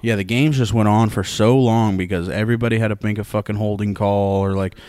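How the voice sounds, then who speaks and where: A man's voice: on the low side, fairly even intonation, a little fast, a little mellow, dry recording. A young man hosting a casual sports podcast, telling stories loosely with lots of swearing and laughter. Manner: loose, profane, storytelling, laughs often. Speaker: podcast host.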